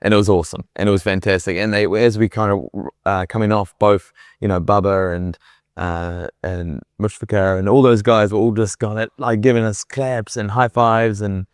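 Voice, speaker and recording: A man guesting on a cricket podcast talks in a casual, halting way and often restarts his sentences. His voice is low and the sound is dry and close to the mic. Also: steady tone, clean tone, dry recording.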